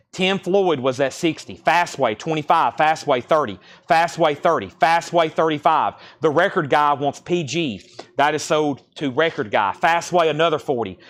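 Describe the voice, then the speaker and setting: A man hosting a live vinyl record sale stream, briskly repeating prices and bidder names. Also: fairly high pitch, fairly bright tone. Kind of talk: live auction sales stream.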